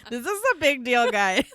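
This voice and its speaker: A woman co-hosts a casual podcast with a bright, smooth voice, joking around playfully. She is quick to laugh. The sound is dry and close to the mic. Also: on the high side, very animated, no room sound. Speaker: podcast co-host. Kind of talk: casual chat.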